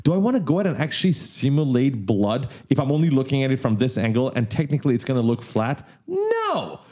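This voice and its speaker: A man hosting a casual 3D software tutorial who explains things simply and with enthusiasm. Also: mid-range voice, quick pace. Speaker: tutorial host.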